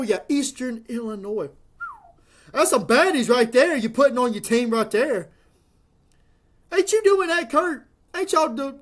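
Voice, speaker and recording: A college football commentator, ranting to the camera in a sarcastic, mocking, rambling way. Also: medium pitch. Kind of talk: sports rant to camera.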